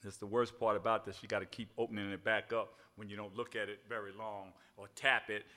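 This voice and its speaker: A man's voice: lowish voice, little pitch movement, fast, pushed and bright. An older man preaching an evening sermon in a folksy way, spelling words out and asking "all right?" again and again. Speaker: pastor.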